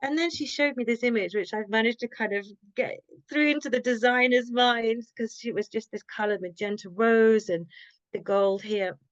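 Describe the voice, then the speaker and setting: A woman, a guest author telling a personal story in a reflective, halting way and often quoting her own thoughts. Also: a little high, dry recording. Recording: dull lo-fi sound, dry.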